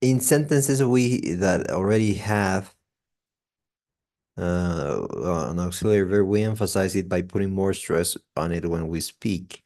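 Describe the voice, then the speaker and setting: A man's voice: sits low, measured pace, a little mellow. A man teaching an English grammar class, explaining step by step with many fillers and restarts.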